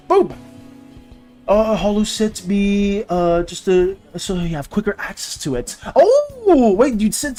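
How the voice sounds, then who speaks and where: Lively-voiced art streamer chatting with chat. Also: mid-range voice. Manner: chatty, reads chat messages aloud and answers them. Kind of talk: casual live-stream chat.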